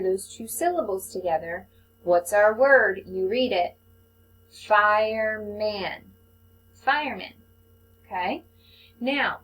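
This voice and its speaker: A woman teacher giving a slow, patient phonics lesson to young children, speaking into a computer microphone. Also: mid-range voice, slight background noise, poor audio. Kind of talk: recorded online phonics lesson.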